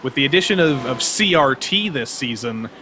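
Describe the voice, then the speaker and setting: A man's voice: mid-range voice, expressive, moderate pace. A man giving color commentary on a sim race, chatty and playful, drifting into tangents. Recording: background race car noise.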